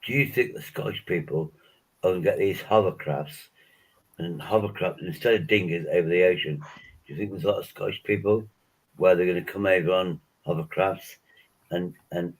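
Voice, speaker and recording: A man's voice: low-pitched, slightly rough, low-quality recording. A man in a casual group chat, rambling through jokes and wild hypotheticals with plenty of swearing.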